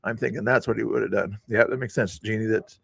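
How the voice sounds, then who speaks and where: A man's voice: fairly low pitch, fairly even intonation, fast, gravelly, fairly bright tone, breathy edge, dry recording. An older man streaming, rambling in a chatty, self-mocking way as he talks to his viewers about a past stream. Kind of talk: rambling live-stream commentary.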